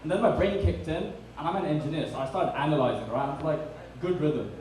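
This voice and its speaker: Dry young British comedian on stage. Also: male voice, fairly high pitch, animated, quick pace. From Britain. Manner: dry, self-deprecating, many ums. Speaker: stand-up comedian. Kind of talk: stand-up comedy set. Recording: echoey room, distant mic, faint noise.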